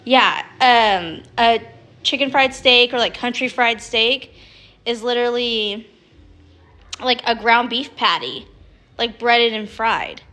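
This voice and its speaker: A woman's voice: on the high side, takes it slowly, bright, forceful tone. A young woman streaming live from home on her phone, chatting casually with frequent laughs and swearing. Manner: chatty, rambling, swears freely, laughs often. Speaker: livestream host. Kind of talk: casual chat.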